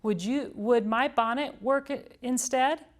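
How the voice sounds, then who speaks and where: A woman voicing a cheerful, literal-minded housekeeper woman in a children's storybook read-aloud, bright and eager. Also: fairly high pitch, a little slow, voice pushed up, close to an everyday voice.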